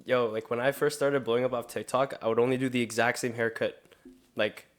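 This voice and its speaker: A man's voice: medium pitch, steady tone, brisk. A young man, a barber, chatting on a podcast in a slangy, easygoing way. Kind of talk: casual chat.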